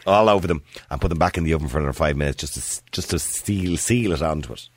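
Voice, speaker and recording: A man's voice: rumbling low, fast. A middle-aged Irish man hosting a phone-in radio show, chatting casually and laughing easily with his co-host and callers.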